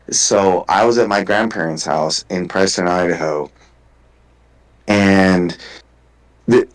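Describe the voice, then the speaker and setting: A man with a somewhat low voice talks in a loose, unscripted podcast chat. He tells a long personal story, swears freely and keeps restarting his sentences. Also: poor audio. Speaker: guest. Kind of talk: casual podcast conversation.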